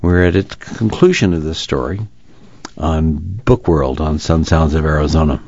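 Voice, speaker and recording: A man announcing and reading an audiobook aloud on a radio reading service, in a measured, plain manner, in a dull lo-fi recording. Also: very deep voice, gravelly, a little mellow, no echo.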